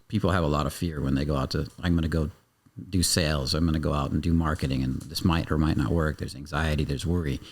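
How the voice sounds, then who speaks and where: A man speaking as a guest coach on a podcast, talking intensely, swearing freely and acting out little scenes of dialogue. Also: sits low. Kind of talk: animated podcast interview talk.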